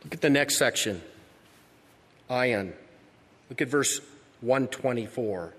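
A man preaching a sermon as pastor. He is emphatic, repeats key phrases and builds to loud peaks. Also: mid-range voice, animated, slow, husky. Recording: long reverb of a large hall.

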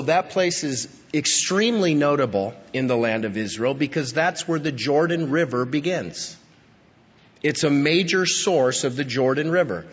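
A man preaching a sermon as pastor, emphatic, rising to stress key points and then dropping low. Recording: dull, lo-fi recording with long hall reverb.

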